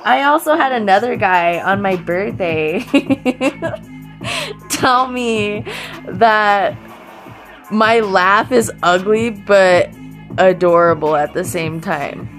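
Young woman, unhurried delivery, profane comic rant full of fillers and laughs, faint music underneath. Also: medium pitch. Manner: profane, joking, laughs often, many fillers. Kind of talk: casual comic monologue.

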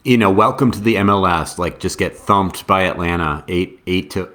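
A man's voice: low voice, normal speed, a bit bright. Easygoing American man thinking aloud. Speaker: podcast co-host. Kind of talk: casual sports chat.

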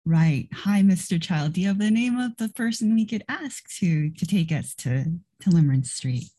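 Casting: player, woman, husky and warm, lively inquisitive delivery. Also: lowish voice, normal speed. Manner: inquisitive, many questions. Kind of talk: tabletop role-play.

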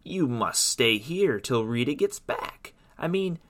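A man's voice: mid-range voice, expressive, slow, a bit bright, pitched above the performer's own voice. A man voicing a cruel, gloating evil sea queen in a storybook reading, drawing out his mocking words. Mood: commanding.

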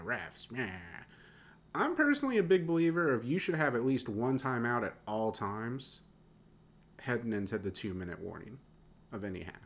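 A young man co-hosting an easygoing sports podcast speaks in a mid-range voice with a Southern American accent. He's animated and says his -ing words without the g.

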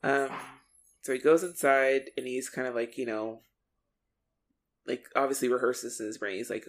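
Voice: medium pitch, fairly even intonation, normal speed, long pauses. A podcast co-host in casual chat who laughs often and acts out lines from an episode.

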